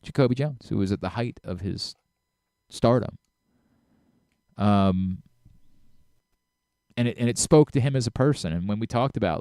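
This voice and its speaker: A middle-aged man hosting a sports radio talk show, talking in an animated way with frequent restarts and self-corrections. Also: on the low side, no room sound, studio quality.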